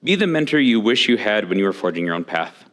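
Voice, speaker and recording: A man's voice: lowish voice, very animated, quick pace. A man giving a conference talk in a candid storytelling way, acting out the people he quotes. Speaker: conference speaker.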